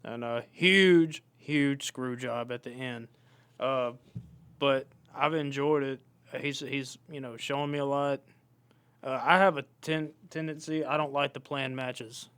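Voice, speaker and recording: Man, clear resonant tone, middle pitch, measured casual chat. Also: steady tone, fairly bright tone. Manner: measured, easygoing, with frequent filler pauses. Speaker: podcast co-host and indie wrestler.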